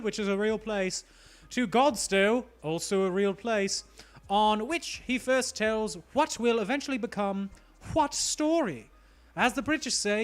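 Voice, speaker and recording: A man's voice: high voice, expressive, unhurried, smooth. A man hosting a live trivia show, reading questions with playful jokey asides. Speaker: trivia quiz host.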